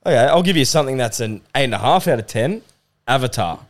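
A man's voice: mid-range voice, expressive, fast. A man co-hosting a podcast, upbeat and bantering, plugging the show between stories. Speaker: podcast co-host. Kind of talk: casual chat.

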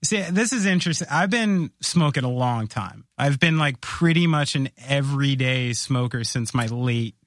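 A man's voice: medium pitch, expressive, moderate pace, hardly any pauses, no echo, studio quality. A man hosting a casual podcast chat, telling long rambling stories full of fillers. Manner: rambling, filler-heavy storytelling. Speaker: podcast host.

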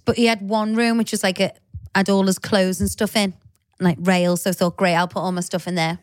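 A woman's voice: medium pitch, little pitch movement, a little fast, no room sound. A woman, co-hosting a podcast and telling stories in a blunt, teasing way. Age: 30s. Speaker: podcast co-host. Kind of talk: casual chat.

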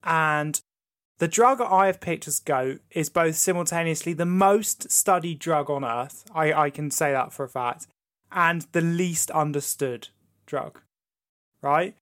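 Crude, animated male podcast host. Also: fairly high pitch, a little slow. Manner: crude, swearing, animated storytelling. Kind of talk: casual chat.

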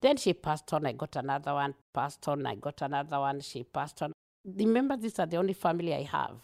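A woman with a Kenyan accent tells her story as an interview guest, earnest and animated, laughing easily. Her voice sits a little low and carries a gravelly edge. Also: fairly quick.

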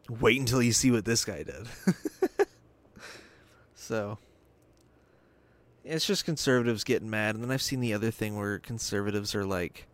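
A man's voice: mid-range voice, no room sound. Sarcastic, rambling male podcast host. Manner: sarcastic, rambling, swears often. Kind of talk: casual political rant. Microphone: webcam and desk mic.

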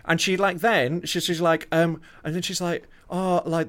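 A man's voice: on the high side, normal speed, few pauses. A man who is a comedian and podcast host, telling stories in casual chat, swearing often. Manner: swearing, animated storyteller.

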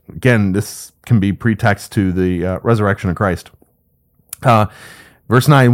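A man's voice: on the low side, a little slow. A man leading an informal Bible study, talking loosely and conversationally as he walks through the text verse by verse.

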